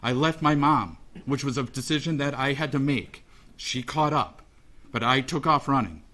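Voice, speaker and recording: A father giving an emotional, halting victim statement in a courtroom, repeating phrases as he speaks. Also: mid-range voice, bright, forceful tone.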